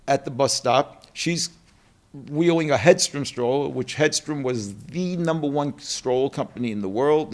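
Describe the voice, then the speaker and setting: Gravelly New York businessman telling stories. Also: mid-range voice. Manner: animated storyteller acting out quotes. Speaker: guest, company co-president. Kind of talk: storytelling interview.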